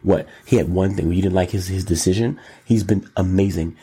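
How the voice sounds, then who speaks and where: A man hosting his own show, talking solo in an animated, exclamatory way, riffing and repeating words in long runs. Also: low voice, brisk, husky. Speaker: show host. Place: Los Angeles.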